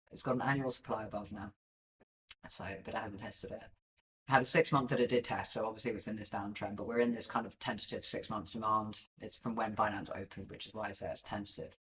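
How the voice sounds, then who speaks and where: A man's voice: on the low side, fairly bright tone, recorded from a distance, low-quality recording. A man giving casual live-stream market commentary over charts, rambling and self-deprecating with many filler ums. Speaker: livestream crypto chart analyst.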